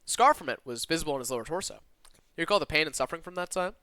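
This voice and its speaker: A man with a slight Southern twang reads a visual novel aloud on a live stream from his own room. He talks fast and with a lively, bouncing pitch, breaking off for quick asides. His voice is bright, and the sound is dry and close. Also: no echo. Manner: animated and expressive, with quick asides to chat.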